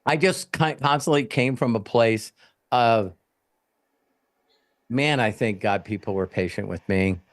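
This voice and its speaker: Male coach, middle pitch, blunt and profane, animated storyteller. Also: measured pace, long pauses. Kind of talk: live Q&A coaching talk.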